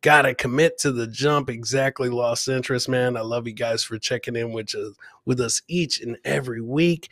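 A man hosting a casual live podcast, hyped and chuckling as he shouts out to his viewers. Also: medium pitch, moderate pace, dry recording, clean studio sound. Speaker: podcast host. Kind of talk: casual live-show chat.

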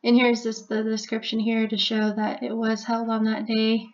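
A woman's voice: a little high, moderate pace, dull audio. A woman casually explaining a number theory in a chatty voice-over. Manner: even, chatty, with frequent "like" and "so". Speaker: video host explaining number codes.

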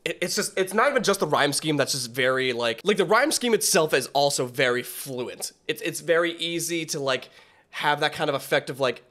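A man's voice: a little high, lively intonation, brisk, a bit bright. A young man hosting a casual reaction video, rambling with lots of fillers and restarts as he thinks aloud.

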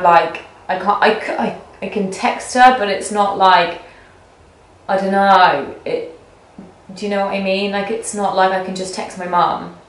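A young woman vlogging to a camera she points at herself in her apartment, rambling and chatty with many fillers. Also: medium pitch. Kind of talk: casual talk to camera. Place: indoors in an apartment being packed up. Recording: roomy echo.

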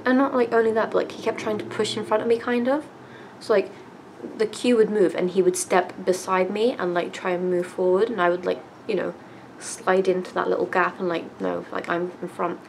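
A woman's voice: medium pitch, steady tone, fairly quick, slight background noise, rough recording. A young woman, telling a story casually to camera with lots of fillers and the odd swear. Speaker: vlogger.

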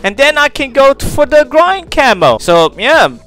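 A young man giving swearing, ranting gameplay commentary with loud outbursts. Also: very high voice, big pitch swings, normal speed. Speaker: gaming YouTuber.

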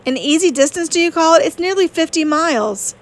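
A woman reading the part of a witty, sharp-tongued young woman in an audiobook, brisk and pointed. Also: sits high.

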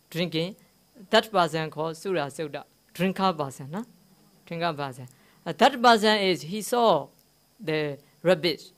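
A man's voice: sits high, fairly bright tone, clear, resonant tone. A man, a Buddhist monk, giving a dharma talk in simple broken English. He asks the listeners questions and tells a teaching story, repeating key words. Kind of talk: dharma talk to a live audience. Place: meditation centre hall.

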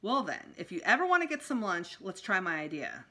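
Lady doing a worrywart storybook mom, fussy but firm, animated. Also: medium pitch, a little fast. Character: fussy mother, easily embarrassed yet firm.

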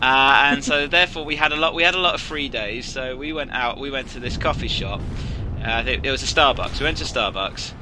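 A man's voice: medium pitch, fairly quick, background noise. A British man streaming a game and chatting, telling a long story with lots of restarts and fillers. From Britain. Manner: rambling storyteller with many restarts. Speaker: streamer host. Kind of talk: casual chat while gaming.

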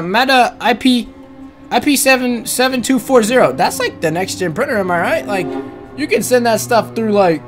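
A man giving excitable gameplay commentary, teasing the game's monster, then breaking into yells and shrieks. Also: sits high. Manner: excitable, jumps to yelling and shrieks, teasing chatter. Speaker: gaming channel host. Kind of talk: let's-play gameplay commentary. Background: game music.

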